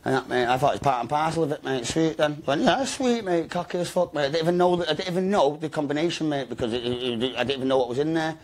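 Fast, slangy man telling a story. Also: on the high side, fairly even intonation. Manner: rapid, slangy, swearing, peppered with mate and bro. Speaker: interviewee. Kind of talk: storytelling in an interview.

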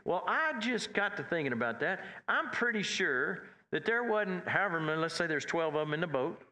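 A man delivers a sermon in a folksy, plainspoken way, repeating and restarting his phrases as he builds. His voice sits a little high and rings bright and forceful. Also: sing-song, fairly quick. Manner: folksy, repetitive, builds in pitch and force as he preaches. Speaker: pastor.

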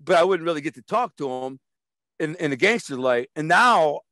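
A streetwise man spins long, rambling stories in a casual interview, repeating himself and slipping into other people's voices. His voice sits a little high for a man, and the sound is dry and close with no room around it. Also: animated, normal speed, bright, forceful tone, no room sound. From Detroit. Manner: rambling, repeats words, acts out quoted voices; streetwise and blunt. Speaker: interview guest.

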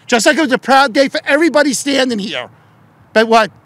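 Fired-up middle-aged man shouting a speech. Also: extremely high pitch, animated, brisk, no echo. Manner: shouting, fervent, repetitive rhetorical questions. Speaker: politician and union leader at a press event. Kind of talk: impassioned political speech.

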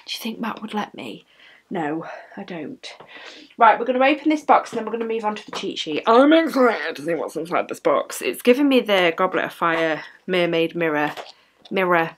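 A woman vlogging an unboxing, chatting warmly about each item and reading the product cards aloud. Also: fairly low pitch, slight background noise. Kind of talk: casual unboxing chat.

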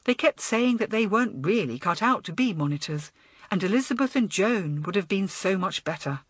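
A woman reads a children's storybook aloud, her voice rising and falling in a lively, animated way. The recording is close and completely dry, with no room sound at all. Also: medium pitch, moderate pace, slightly rough, no echo. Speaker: audiobook narrator. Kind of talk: scripted storybook narration.

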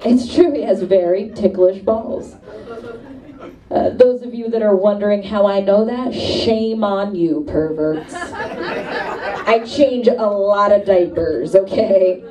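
A woman in her thirties doing a stand-up comedy set, animated and chatty about motherhood life with quick asides. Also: medium pitch, far from the mic, a crowd in the background. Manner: animated, puts on voices for quoted exchanges. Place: comedy club stage.

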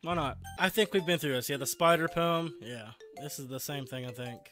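A man's voice: a little high, a little fast, fairly bright tone, faint music behind. A young man giving laughing, sarcastic, profane commentary while playing a game. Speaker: gaming channel host. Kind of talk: let's play commentary.

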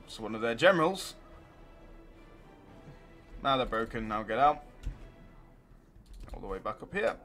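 A man hosting a let's play, giving live commentary and cheering his units on excitedly. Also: mid-range voice, measured pace, long pauses, soft background music.

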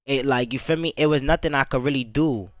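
A man's voice: medium pitch, fairly quick, dry recording, low-quality recording. A young man reacting to his own music video, rambling in casual chat with lots of "bro" and "you feel me", swearing freely.

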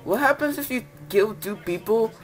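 A young woman chatting while playing a video game, lively and quick to yelp and protest. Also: fairly high pitch. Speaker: gamer. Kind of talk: casual gaming chat.

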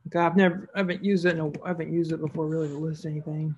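A woman's voice: deep voice, steady tone, rapid-fire, darkish tone, slightly rough, lo-fi sound. A woman narrating a screen-recorded tutorial as an online seller, casual and thinking aloud as she clicks through each step.

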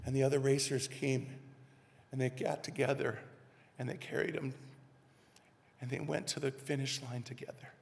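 A man's voice: mid-range voice, little pitch movement, moderate pace, vocal fry, long pauses, a little mellow. A man preaching a sermon as minister, speaking earnestly and addressing the congregation directly, recorded in a church sanctuary. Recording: reverberant church live stream.

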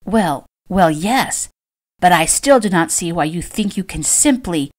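A woman's voice: on the low side, expressive, measured pace. A woman voicing a spiteful aunt who screeches and complains indignantly in an audiobook. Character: shrill, spiteful middle-aged aunt.

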